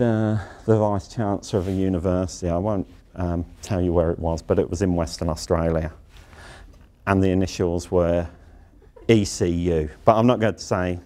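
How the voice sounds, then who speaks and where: A man's voice: on the low side, mellow. A middle-aged man giving a workplace lecture as a university leader, emphatic and blunt, repeating his key phrases.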